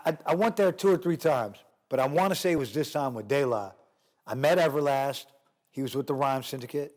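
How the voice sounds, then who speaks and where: Animated, profane male storyteller. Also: medium pitch. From New York. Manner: animated, profane, acts out cops' voices. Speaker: guest. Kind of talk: storytelling interview.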